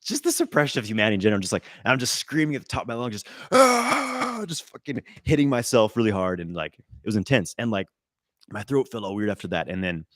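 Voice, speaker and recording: A man answering viewer questions on a live stream, loose and animated, swearing, with many fillers and restarts. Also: fairly low pitch, no echo, clean studio sound. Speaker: qigong teacher answering live chat questions.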